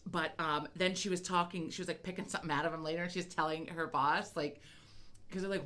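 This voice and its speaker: Talking fast in a lowish voice, an American woman co-hosts a podcast, swapping stories in casual, profane banter. She's chatty, swears without hesitation, and tells stories animatedly.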